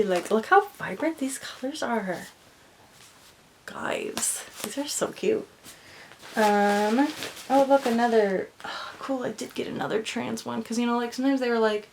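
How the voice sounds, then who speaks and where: Young woman, casual vlog chat, rambling, lots of fillers, sometimes whispers, faint background hiss. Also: on the high side. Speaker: doll vlogger.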